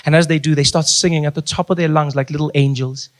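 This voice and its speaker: A male stand-up comedian telling stories on a live stage in an animated, playful way, using a handheld mic. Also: fairly high pitch, fast. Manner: animated, playful storytelling with big vocal swings. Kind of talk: stand-up storytelling. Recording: live comedy club with noise.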